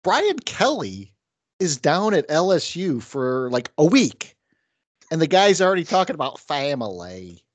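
A man's voice: a little high, wildly swooping pitch, unhurried, dry recording. A middle-aged man with an upstate New York accent, hosting a casual sports chat and ranting about his team. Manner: ranting, mimics fans in sudden bursts. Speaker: podcast host.

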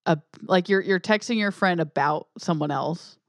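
Lower-voiced woman co-hosting a podcast. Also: dry recording, clean studio sound. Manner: quick follow-up questions, easy laughter, relaxed anecdotes. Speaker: podcast co-host. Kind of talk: casual movie podcast chat.

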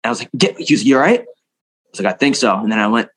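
Young male interview guest: quick, low-ish, profane, rambling storyteller; dry close mic. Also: a bit bright, dry recording.

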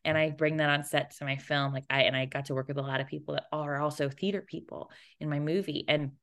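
Young woman guest with a low voice, animated storyteller who acts out the voices in her quotes. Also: fast. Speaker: interview guest, playwright and performer. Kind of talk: casual anecdotal storytelling.

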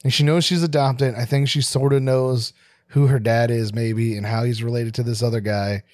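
A man's voice: mid-range voice, steady tone, moderate pace, darkish tone, no echo, clean studio sound. A man co-hosting a podcast, recapping a horror film in casual chat, joking and laughing often, with some swearing. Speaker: podcast co-host.

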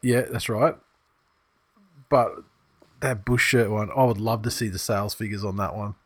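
A man's voice: on the low side, fairly even intonation, normal speed, no room sound. A man, co-hosting a casual sports podcast in a rambling, laid-back way. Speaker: podcast co-host.

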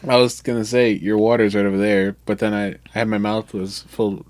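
A man's voice: fairly low pitch, flat delivery, fairly quick, dry recording. A man co-hosting a podcast in casual chat, laid-back and teasing, with short replies. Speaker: podcast co-host.

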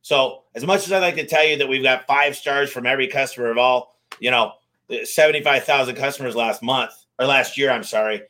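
Bright, energetic man telling business stories. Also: mid-range voice. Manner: energetic, fast-moving anecdotes with acted-out dialogue. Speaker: garage door company owner, guest. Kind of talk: casual interview storytelling.

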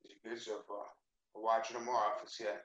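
A man's voice: fairly low pitch, flat delivery, moderate pace, fairly bright tone, roomy sound, muffled recording. A man cohosting a podcast, telling offhand stories in casual chat. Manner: offhand storytelling.

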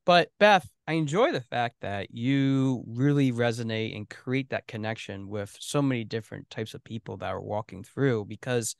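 A man's voice: mid-range voice, moderate pace, creaky, few pauses, smooth, no room sound, studio quality. A man hosting an interview podcast, asking long, earnest questions. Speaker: podcast host.

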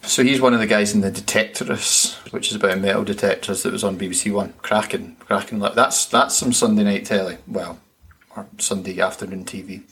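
A man's voice: lowish voice, brisk, fairly bright tone, a little hiss or hum. Blunt, jokey man. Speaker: podcast co-host. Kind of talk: casual film review chat.

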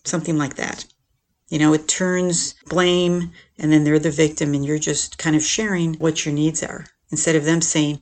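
A podcast host talking through ideas in an easy, conversational way, often tossing in "right?" and "you know". The voice has a gravelly, creaky edge and sits at a middling pitch. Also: normal speed. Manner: acts out quoted lines in a lifted, animated voice. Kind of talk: casual explanatory talk on relationships.

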